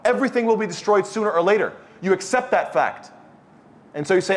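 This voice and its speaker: A man preaches to a youth study circle in a blunt, scolding tone. He keeps throwing questions at the audience and pushing them for answers. His voice sits a little higher than most men's. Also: expressive, fast. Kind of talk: lecture-style sermon to a live audience.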